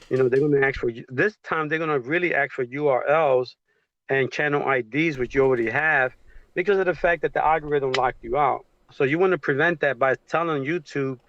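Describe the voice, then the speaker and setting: A man's voice: on the high side, fairly bright tone. Emotional man on a dull call. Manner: emotional, halting, many fillers. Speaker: guest on a livestream. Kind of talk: casual supportive chat. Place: home with a train passing outside.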